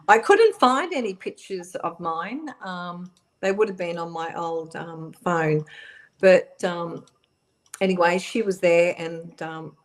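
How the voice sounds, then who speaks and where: A middle-aged woman telling a personal story on a radio interview, halting, with many fillers and restarts. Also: low-pitched. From Australia. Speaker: guest.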